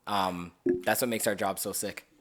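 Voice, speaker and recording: A man's voice: lowish voice, fairly even intonation, moderate pace, fairly bright tone. A young man, a barber co-hosting a podcast, talking in a laid-back, rambling way with many restarts. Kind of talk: casual chat.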